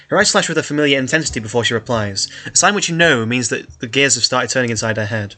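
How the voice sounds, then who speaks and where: A man's voice: mid-range voice, fast, few pauses, bright, forceful tone, soft background music. A man casually reading a story aloud and stopping often to comment on it. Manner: chatty, laughs often, comments between passages. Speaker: reader of an online story.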